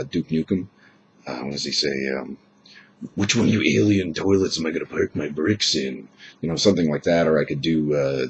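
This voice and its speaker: Extremely deep-voiced young man with a chest cold. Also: highs cut off, a little hiss or hum. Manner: casual, rambling, frank, swears freely. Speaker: vlogger. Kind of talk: casual vlog monologue.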